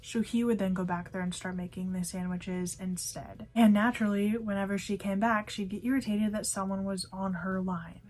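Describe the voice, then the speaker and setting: A woman's voice: medium pitch, fairly even intonation, normal speed, hardly any pauses, darkish tone. A young woman vlogger telling a storytime about a past job, chatty and full of fillers like "like" and "you know". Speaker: fast food worker. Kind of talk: storytime vlog.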